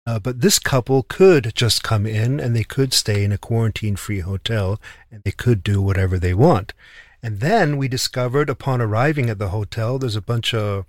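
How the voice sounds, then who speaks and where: A man recounts a journey in an indignant, casual way, often doubling and restarting his words. His voice sits at an ordinary middle pitch. The recording is close and dry. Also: no room sound. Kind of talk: casual storytelling.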